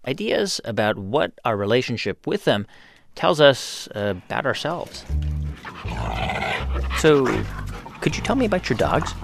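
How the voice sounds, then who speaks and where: A man's voice: medium pitch, big pitch swings, unhurried, long pauses, over music. A man hosting a radio show, asking questions in a curious, conversational way. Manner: inquisitive, conversational. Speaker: radio host. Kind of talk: radio interview and narration.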